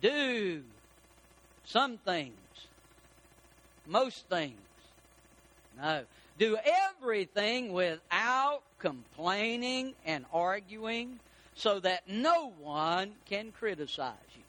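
A man preaching a sermon as pastor, animated and rising to shouts for emphasis. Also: high-pitched, extremely slow.

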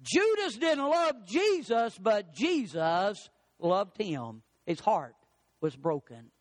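A pastor with a very high voice delivers an emphatic sermon. He climbs on his questions and drops low and soft on key phrases. The sound is close and dry, with no room echo. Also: big pitch swings, slow pace. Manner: emphatic preaching, rising on questions and dropping low on key words. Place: church.

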